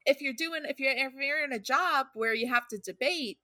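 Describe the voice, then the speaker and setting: A woman's voice: high voice, moderate pace, pushed and bright, dry recording. A woman co-hosting a podcast, chatting casually about astrology, laughing easily and reading horoscope text aloud. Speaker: podcast co-host.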